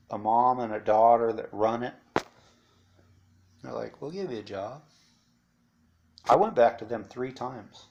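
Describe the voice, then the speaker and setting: A man speaks in a loose, rambling monologue, blunt and profane, with frequent asides. His voice has a gravelly edge. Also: mid-range voice, highs cut off, background noise. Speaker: interviewee recounting life after incarceration. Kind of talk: casual storytelling monologue.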